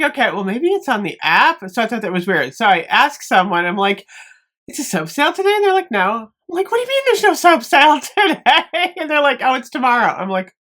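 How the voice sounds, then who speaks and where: A woman's voice: medium pitch, sharp tone. A woman vlogging casually to camera, bubbly and apologetic, laughing often as she chats. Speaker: beauty vlogger.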